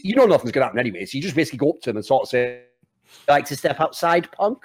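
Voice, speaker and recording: Lively casual man chatting. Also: medium pitch, racing, slightly rough. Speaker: podcast co-host. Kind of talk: casual storytelling chat.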